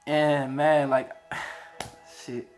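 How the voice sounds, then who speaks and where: Young guy in his 20s telling his story, real emotional and animated, some music low in the back. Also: extremely slow. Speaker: vlogger. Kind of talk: casual storytelling testimony.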